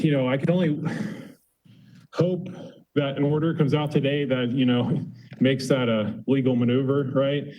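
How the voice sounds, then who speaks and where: A man's voice: medium pitch, dark tone, poor audio. Chatty man speaking at a public meeting. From Colorado. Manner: casual, chatty, filler-heavy. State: a little out of breath. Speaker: resident giving public comment. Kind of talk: off-the-cuff public comment.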